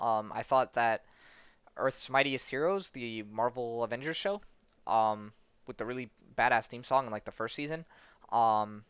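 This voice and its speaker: A man in a casual podcast monologue speaks in a smooth, clean voice at a middle pitch. He keeps a loose, chatty flow, with plenty of fillers and the odd curse word. The recording is dry and a little dull. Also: fairly bright tone, no echo. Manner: loose and chatty, many fillers, tag questions and swearing. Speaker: podcast host. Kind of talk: casual podcast monologue retelling a comic story.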